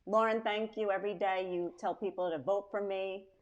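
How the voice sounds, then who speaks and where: A woman's voice: mid-range voice, normal speed, highs cut off. A woman with a strong Long Island accent, talking as a guest on a comedy chat show. She tells her stories with energy and slips into the voices of the people she quotes. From Long Island, New York. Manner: animated storytelling, acts out quotes. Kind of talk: casual chat.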